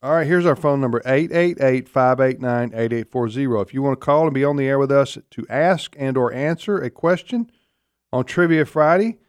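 A man's voice: medium pitch, moderate pace, clean tone, no room sound. Man, radio host, folksy call-in talk, dry close studio sound. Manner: folksy, reads out phone numbers. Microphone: studio mic.

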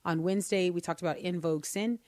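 A woman's voice: on the low side, steady tone, fast talker, darkish tone, no room sound, studio quality. A woman co-hosting a talk radio show, chatting casually and emphatically, often repeating words as she gets worked up.

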